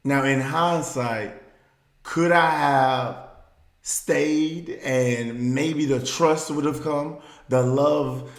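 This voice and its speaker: A man from the Southern US telling a personal story as a speaker, moving between hushed reflection and loud, emphatic bursts. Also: medium pitch, extremely slow, echoey room.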